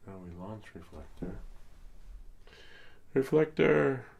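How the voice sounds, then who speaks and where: A hoarse man live-streaming, chatting casually and thinking aloud with many fillers as he works. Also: extremely low pitch, unhurried, dull audio. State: hoarse, losing his voice.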